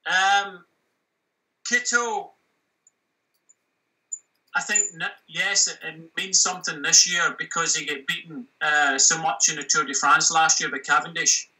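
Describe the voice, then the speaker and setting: A middle-aged man with a West of Scotland accent, chatting casually and a little haltingly as a guest pundit. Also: a little high, distant mic, rough recording. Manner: relaxed, chatty, hesitant with fillers. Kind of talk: casual interview chat.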